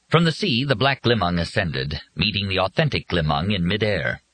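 A man reading an audiobook in a husky voice with dramatic, expressive scripted narration. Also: low-pitched, moderate pace, few pauses, a little hiss or hum, low-quality recording.

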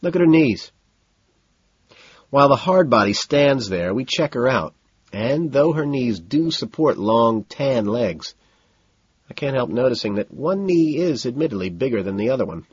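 A man narrating an audiobook in the first person, deadpan and detached, on a dull lo-fi recording. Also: mid-range voice, moderate pace, husky, no room sound.

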